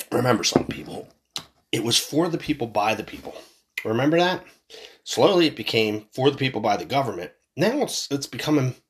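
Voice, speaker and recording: Man from Philadelphia, mid-pitched voice, fired-up profane rant, hammering his points over and over. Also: a bit bright. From Philadelphia, USA. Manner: heated, profane, repetitive. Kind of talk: angry political rant.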